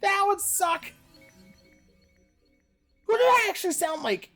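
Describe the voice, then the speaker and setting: A woman doing a pinched, strained falsetto impression of a furry red puppet monster who talks about himself in the third person, during gaming livestream commentary. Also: animated, slow, a bit bright, faint music behind, exaggerated voice. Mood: strained silly.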